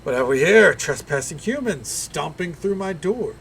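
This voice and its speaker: A man voicing a menacing, impatient lizard shaman who talks in a slow, haughty, threatening way. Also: on the high side, expressive, vocal fry, fairly bright tone, breathy edge, voice pushed up, full character voice.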